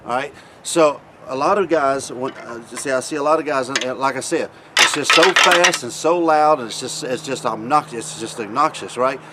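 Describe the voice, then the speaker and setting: A man giving a casual hunting demonstration in a folksy, repetitive way. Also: medium pitch. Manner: folksy, repeats himself, pauses to demonstrate. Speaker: hunting video host. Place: outdoors. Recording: loud background noise outdoors.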